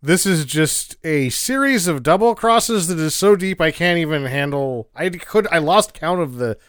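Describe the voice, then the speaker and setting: A man's voice: on the high side, animated, normal speed, fairly bright tone, clear, resonant tone, no echo, clean studio sound. A man co-hosting a casual podcast, talking over a movie plot in a wry, mildly sarcastic way. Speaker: podcast co-host. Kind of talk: casual chat.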